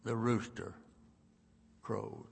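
Slow gravelly preacher in a reverberant church. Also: male voice, fairly low pitch, steady tone, slight background noise. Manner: folksy, dramatic storytelling with sudden loud and hushed passages. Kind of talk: sermon. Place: church sanctuary. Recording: long reverb of a large church.

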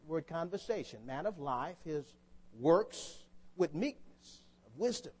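Animated high-voiced man preaching a sermon. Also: unhurried, breathy edge. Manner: rhetorical questions to the congregation. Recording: long hall reverb.

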